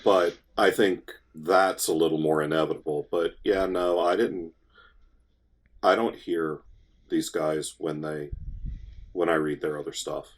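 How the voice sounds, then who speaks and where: A man's voice: a bass voice, fairly even intonation, a little slow. A man co-hosting a casual podcast who jokes and swears a lot. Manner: joking, profane. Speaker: podcast co-host.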